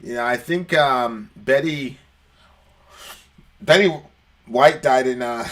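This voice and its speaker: A man's voice: mid-range voice, takes it slowly, pauses often, a bit bright. A young man hosting a question-and-answer video, talking casually and rambling with many restarts, telling a parable and acting out the voices in it. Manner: acts out quoted voices in the story. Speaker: host answering viewer questions. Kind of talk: casual chat, storytelling.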